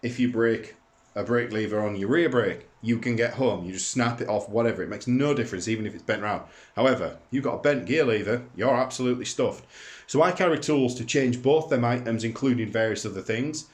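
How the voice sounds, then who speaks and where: A man giving a casual, practical walkthrough as a motorcycle vlogger, plain-spoken, with fillers and quick self-corrections. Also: mid-range voice, slightly rough.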